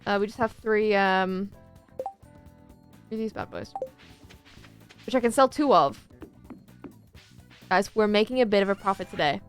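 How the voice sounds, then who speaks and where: A woman's voice: medium pitch, measured pace, pauses often, faint music behind. A woman chatting casually with her viewers while she plays a farming game, rambling and talking to chat as she goes. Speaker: streamer.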